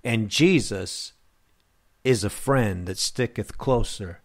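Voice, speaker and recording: A man preaching a sermon to his listeners, slow and emphatic, with long pauses. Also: fairly low pitch. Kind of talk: radio sermon.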